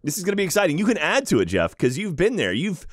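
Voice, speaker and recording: A man's voice: sits high, wildly swooping pitch, quick pace, dry recording, studio quality. A man hosting a podcast, chatting in a rambling, playful way with lots of restarts. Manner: rambling, playful, repeats himself. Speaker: podcast host. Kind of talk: casual podcast chat.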